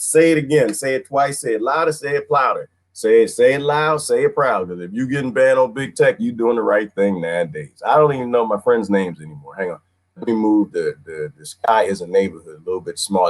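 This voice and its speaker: A man ranting casually on a livestream, rambling in folksy slang, repeating himself and reading chat comments aloud. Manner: rambling and animated, swooping pitch, frequent laughs.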